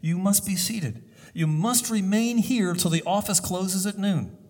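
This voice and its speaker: A man's voice: high-pitched, measured pace, a little mellow, voice pushed up. A man voicing a courteous, assured male secretary who gives firm instructions in a sermon story. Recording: long hall reverb.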